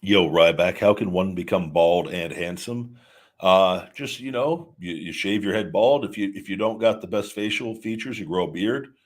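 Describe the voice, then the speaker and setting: Lower-voiced man rambling on a livestream. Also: normal speed. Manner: rambling, repeats words, many restarts; answers viewer chat questions. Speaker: podcast host. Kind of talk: casual livestream talk.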